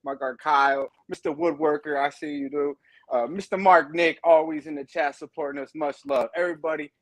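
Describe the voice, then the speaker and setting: A man co-hosting a betting show, loud, excited and profane as he gives shout-outs to viewers. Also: a little high, a little fast, no room sound. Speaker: sports betting show co-host.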